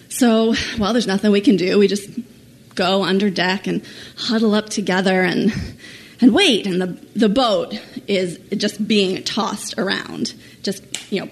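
Animated self-mocking woman storyteller. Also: medium pitch, gravelly. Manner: animated, self-mocking, laughs while telling. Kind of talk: personal story told to an audience.

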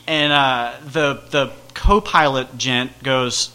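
A man casually telling a rambling, self-deprecating personal story with animated energy. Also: mid-range voice, slow pace, clear, resonant tone.

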